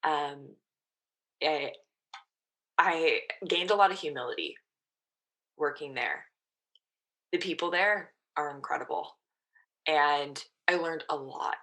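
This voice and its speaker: Bright-voiced woman telling her story. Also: deep voice, slow, long pauses. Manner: animated, quotes her own past thoughts. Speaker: guest, mental performance coach. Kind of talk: casual storytelling in a podcast interview.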